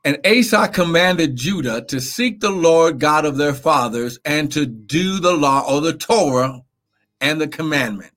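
A man's voice: on the high side, unhurried. A man preaching in a live Bible teaching, reading scripture, repeating words and calling for amens. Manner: animated, repeats words, asks amen.

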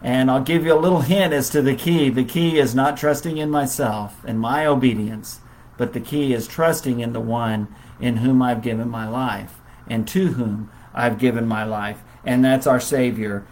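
A man preaching in a relaxed, conversational Bible study style, with many fillers. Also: mid-range voice, normal speed, rough recording. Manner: conversational, warm storytelling with fillers.

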